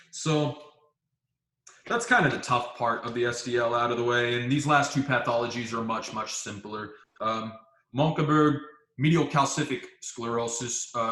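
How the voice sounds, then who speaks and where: A man giving a casual medical lecture, acting out a student's thoughts in quick asides. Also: mid-range voice, sharp tone. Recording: roomy, echoey room.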